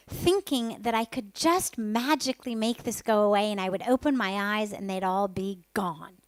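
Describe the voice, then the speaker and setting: A woman's voice: fairly high pitch, dry recording. A woman who is a spiritual teacher tells a personal story candidly and vividly, sometimes dropping to a whisper for her inner thoughts.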